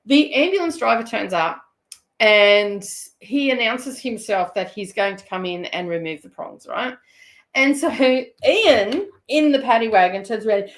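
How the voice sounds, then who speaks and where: A woman with an Australian accent telling a funny story in a chatty, animated way, breaking into laughter. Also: on the high side, moderate pace. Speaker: host. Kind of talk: casual storytelling.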